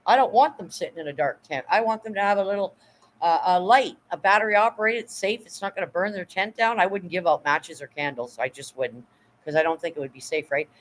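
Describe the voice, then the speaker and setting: The recording is rough as a middle-aged woman, hosting an informal livestream, talks fairly quickly in a lowish voice. Her manner is emotional and effusive, rambling and filler-heavy, with frequent thanks to viewers.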